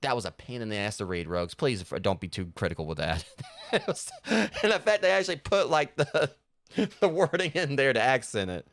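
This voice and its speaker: A male streamer talks through his game in a casual, rambling way, packing his sentences with filler words and false starts. His voice sits at a typical middle pitch. The sound is dry and close, with no room echo. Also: very animated, a little fast, gravelly, a bit bright. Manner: rambling, heavy on fillers and restarts. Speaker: streamer playing a video game. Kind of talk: casual gameplay commentary.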